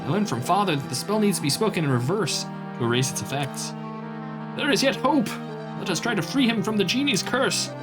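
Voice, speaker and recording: A man's voice: high voice, big pitch swings, brisk, over loud music, voice pushed up. A man voicing an earnest heroic elder brother.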